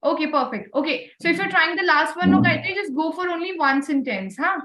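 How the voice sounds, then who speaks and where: A woman's voice: very high-pitched, lively intonation, a little fast, a bit bright, slight background noise. A woman leading an online communication class, encouraging students and repeating praise. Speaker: voice and communication trainer. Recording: roomy echo.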